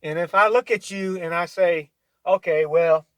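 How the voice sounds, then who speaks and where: A man's voice: sits high, moderate pace, sharp tone, clear, resonant tone, no echo. A man ranting casually to camera, blunt and profane, rambling with many restarts and talking straight at the listener. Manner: argumentative, addresses listener directly. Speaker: vlogger.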